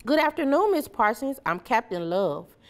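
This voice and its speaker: A woman's voice: a little high, sing-song, normal speed, voice pushed up. A woman voicing a kind male superhero who talks steadily and encouragingly to children. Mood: cheerful. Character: kind caped male superhero, gentle and reassuring.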